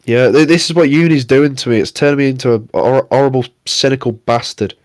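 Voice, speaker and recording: A man's voice: medium pitch, fairly even intonation, a little fast, darkish tone, dry recording, studio quality. A young man co-hosting a podcast, ranting in a casual, sweary, exasperated way. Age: young adult. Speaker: podcast co-host.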